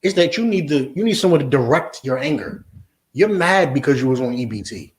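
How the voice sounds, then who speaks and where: Forceful preaching man in an echoey room. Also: medium pitch, animated, fairly quick. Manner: blunt, forceful, repetitive questioning. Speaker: Hebrew Israelite teacher. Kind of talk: confrontational preaching lesson.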